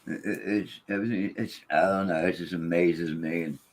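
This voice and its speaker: A man's voice: low voice, fairly even intonation, fairly quick. A man, a paranormal investigator, chatting casually and rambling with frequent restarts. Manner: rambling, repeats and restarts words. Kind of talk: casual chat.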